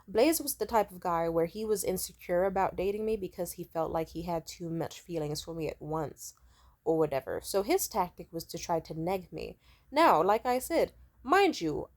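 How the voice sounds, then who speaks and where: A woman's voice: on the low side, a little mellow. A woman vlogger telling a casual storytime rant, emphatic and rambling, full of swearing.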